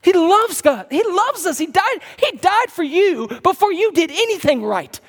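A male pastor preaching an animated sermon, dropping to low murmurs and jumping to loud bursts. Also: moderate pace. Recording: long reverb of a large hall.

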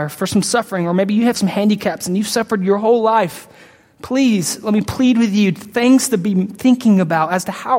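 Man preaching in a reverberant hall. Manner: conversational preaching with sudden emphatic high-pitched bursts; frequent call-outs to the congregation. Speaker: pastor. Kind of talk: sermon.

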